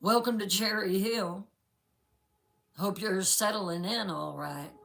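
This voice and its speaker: A woman's voice: medium pitch, takes it slowly, creaky, a bit bright. A woman voicing a friendly male sheriff with a Southern US drawl. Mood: folksy.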